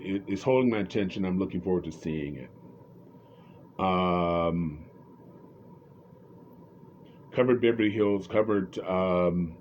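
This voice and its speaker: Man, very deep voice, opinionated rambling commentary, faint hiss, dull recording. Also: a little mellow. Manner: rambling, opinionated, many restarts. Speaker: reality TV commentator.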